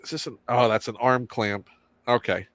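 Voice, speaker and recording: A man's voice: medium pitch, fairly even intonation, normal speed, fairly bright tone, no echo. A man in casual chat, joking and rambling with frequent restarts. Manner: rambling, jokey, trails into restarts. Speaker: chat guest or co-host.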